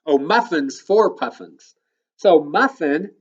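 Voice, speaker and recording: A male elementary school teacher giving a recorded phonics lesson to children, patiently explaining step by step and sounding words out slowly. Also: a little high, animated, highs cut off.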